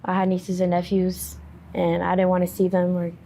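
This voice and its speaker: A woman giving a halting, subdued personal testimony to an interviewer, with many pauses and fillers. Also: lowish voice, monotone, mellow, a little hiss or hum.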